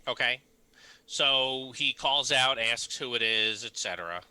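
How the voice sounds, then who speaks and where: Bright-voiced man running a tabletop game. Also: medium pitch, measured pace, smooth, dry recording, low-quality recording. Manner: relaxed, chuckling, rambling narration with fillers. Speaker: game master. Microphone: desk mic on a live stream.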